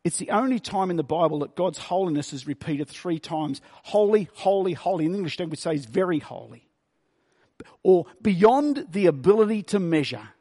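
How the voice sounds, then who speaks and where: A man preaching a sermon. He reads scripture slowly and stresses key words by repeating them. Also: sits high, expressive, warm tone. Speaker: pastor.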